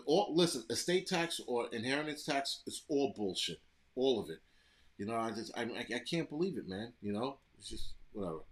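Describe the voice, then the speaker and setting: A man's voice: medium pitch, a bit bright. A man from the United States hosting a live stream, ranting bluntly and profanely while answering chat comments. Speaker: livestream host reading chat.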